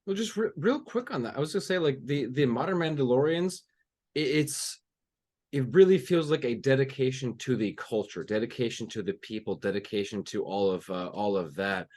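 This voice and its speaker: A man co-hosting a casual podcast chat, talking haltingly with lots of fillers and trailing sentences. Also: mid-range voice, animated, a little mellow. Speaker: podcast co-host.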